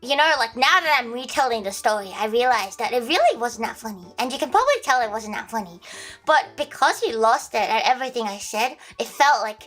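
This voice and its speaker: A woman's voice: on the high side, expressive, brisk, fairly bright tone, faint music behind. Rambling young Australian woman streamer. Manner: rambling, many restarts and filler. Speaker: livestreamer. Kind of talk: casual storytelling.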